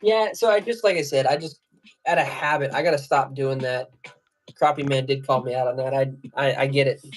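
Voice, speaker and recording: A man's voice: mid-range voice, fairly even intonation, brisk, slight background noise. Man, casual livestream host type, rambling and slangy. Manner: rambling storyteller, laughs while telling stories; loose slangy speech with many fillers. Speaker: fly and jig tier on a livestream.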